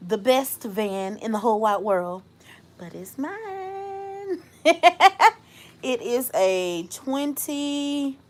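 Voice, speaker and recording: Slow-talking woman in casual livestream chat. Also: mid-range voice, darkish tone. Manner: thanks viewers by name, laughs often, slow and reflective. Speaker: host.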